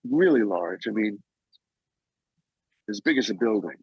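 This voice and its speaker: A man in his sixties, a guest, slowly recounting a personal loss with halting pauses and restarts. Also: fairly low pitch, lively intonation, breathy edge, dry recording, dull audio. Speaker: guest, actor and author. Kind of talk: emotional personal storytelling.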